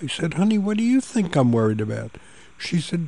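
An older man hosting a radio talk show, telling a personal story in a gentle, reflective way and introducing his guests. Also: a little high, sing-song, a little fast, creaky.

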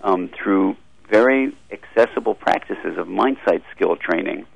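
A middle-aged psychiatrist is a radio interview guest. His voice is very low, with heavy gravel and a husky edge. He explains his ideas fluently and in a measured way. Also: no room sound, muffled recording.

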